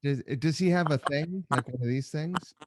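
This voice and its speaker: A man hosting a podcast, asking curious questions and wandering into relaxed, rambling asides. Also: fairly high pitch, moderate pace, noisy background. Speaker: podcast host. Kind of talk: casual interview.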